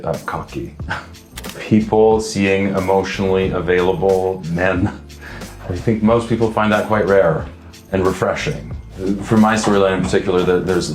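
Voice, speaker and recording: A Canadian man, an actor, talking in a relaxed, thoughtful way, often restarting his sentences. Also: low voice, echoey room. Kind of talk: casual talk to camera.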